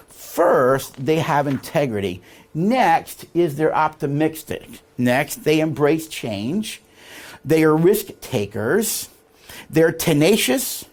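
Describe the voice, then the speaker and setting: A man's voice: a little high, darkish tone. A man teaching leadership in a classroom lecture, quizzing his listeners with fill-in questions before a live audience.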